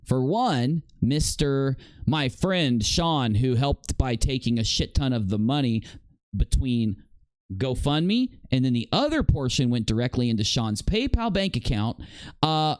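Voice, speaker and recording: Sarcastic, animated male commentator. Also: medium pitch, unhurried, no room sound. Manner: sarcastic, indignant. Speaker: commentary channel host. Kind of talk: drama commentary.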